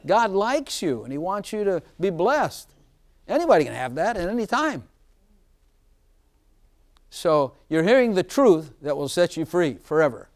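A man preaching an informal sermon, chatty and often laughing, slowing down to stress scripture lines. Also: high voice, sing-song.

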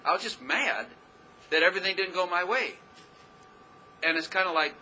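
A male pastor gives a loose, conversational sermon, rambling and chuckling at his own stories. His voice is very bright and a touch high. A faint hum of room ambience sits behind him. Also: normal speed, pauses often, poor audio. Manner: folksy, rambling, laughs at himself.

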